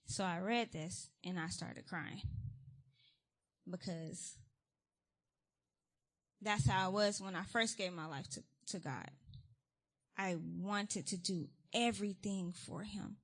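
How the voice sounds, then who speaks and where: A woman's voice: mid-range voice, takes it slowly, pauses often. A woman guest speaker giving an informal sermon in a church, candid and conversational with frequent ums and likes, reading scripture aloud with rising emphasis. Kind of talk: informal testimony-style sermon. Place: church sanctuary.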